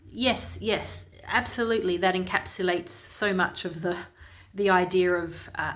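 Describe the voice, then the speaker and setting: A woman's voice: fairly low pitch, fairly bright tone. A woman from Ireland giving opinionated, sarcastic and indignant commentary in a vlog. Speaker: commentary vlogger.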